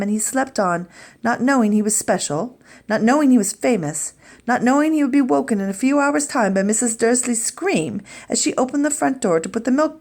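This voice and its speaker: Woman teacher reading a story aloud. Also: fairly high pitch. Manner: clear storytelling narration, expressive. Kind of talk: reading a book aloud to students.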